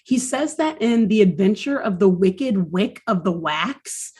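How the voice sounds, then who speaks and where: A woman's voice: medium pitch, lively intonation, unhurried, a little mellow, slightly rough. A woman co-hosting a podcast, recapping a cartoon episode in casual chat, swearing and laughing often.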